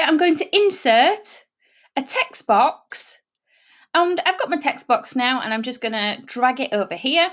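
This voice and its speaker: A woman's voice: sits high, a bit bright. A woman who teaches math explains a whiteboard tool step by step in a screen-recorded tutorial. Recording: dull lo-fi sound.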